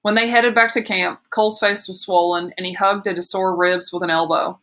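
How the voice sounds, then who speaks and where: A woman narrates a novel with steady, measured pacing. Her voice is bright and forward, and her delivery stays even and plainly readerly. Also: on the low side. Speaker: audiobook reader. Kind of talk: scripted narration.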